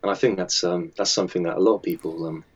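A man's voice: deep voice, steady tone, fast talker, husky. A man who edits and designs a magazine answers interview questions in a chatty, hesitant way, with many fillers and restarts.

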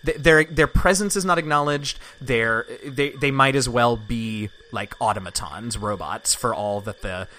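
A man's voice: mid-range voice, a little slow, hardly any pauses, bright, forceful tone. A man narrating as game master of a tabletop game, in loose, filler-heavy talk.

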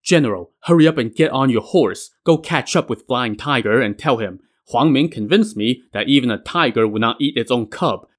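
A man's voice: medium pitch, lively intonation, moderate pace, few pauses, lightly acted. A man voicing a loyal general who pleads and argues urgently, in a told story. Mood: pleading. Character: loyal, pleading male general, a sworn brother.

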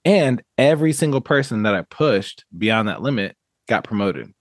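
A man in a casual podcast chat, telling animated, profane stories about managing people and acting out quotes. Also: medium pitch, normal speed, no echo, clean studio sound.

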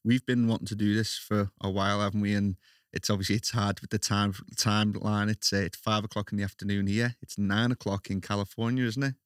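A man's voice: on the low side, level tone, a little fast, clear, resonant tone, dry recording, studio quality. A man with a Scouse accent hosting a podcast interview, friendly and chatty, often laughing at his own slips. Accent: Liverpool Scouse. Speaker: podcast host.

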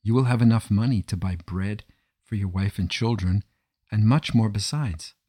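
A man voicing a kind, mysterious stranger who speaks gently and reassuringly in a storybook telling. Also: on the low side, normal speed, husky, no room sound, studio quality.

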